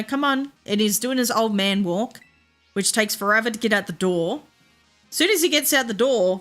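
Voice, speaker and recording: A woman's voice: fairly high pitch, sharp tone. An Australian woman streaming a game and chatting casually, swearing freely and laughing through her stories. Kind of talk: casual chat while gaming.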